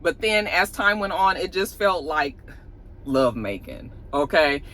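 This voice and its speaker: A man's voice: a little high, a little slow. A man casually recapping and reviewing a TV episode, talking straight to his viewers and acting out lines with animation. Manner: animated, acts out characters' lines in a raised voice; chatty, talks straight to the viewers.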